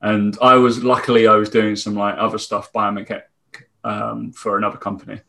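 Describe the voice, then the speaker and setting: A man's voice: fairly low pitch, little pitch movement, fairly quick, gravelly, bright, forceful tone. A young man hosting a podcast, chatting casually and rambling through anecdotes. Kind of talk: casual chat.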